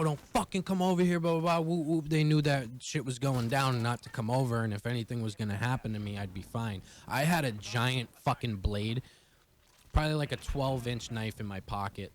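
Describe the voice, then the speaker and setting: A man's voice: mid-range voice, a little hiss or hum. A young man telling a personal story to his viewers in a casual, profane, rambling way. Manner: profane, fast-rambling retelling. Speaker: vlogger.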